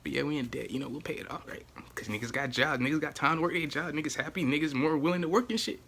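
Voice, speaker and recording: A man vlogging to camera, ranting casually in slang, repeating "you know what I'm saying" and swinging from low muttering to loud exclaiming. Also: quick pace, gravelly, breathy edge.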